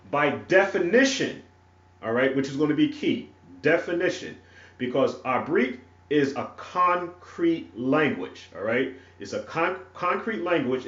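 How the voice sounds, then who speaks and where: Writing on a board as he teaches a religious lesson, a ministry teacher speaks with a rural North Carolina country twang in a fairly high, a bit bright voice with lively intonation. He's halting and repetitive, checking in with "all right?". The recording is dull and lo-fi, captured far from the mic in an echoey room.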